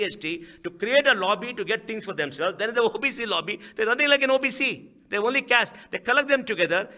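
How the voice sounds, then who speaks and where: A middle-aged man with an Indian English accent speaks at a lecture hall, his voice sitting high for a man and sounding sharp and forceful. He drives his points home with rhetorical questions and repeats key phrases for emphasis. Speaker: guest speaker. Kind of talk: public speech.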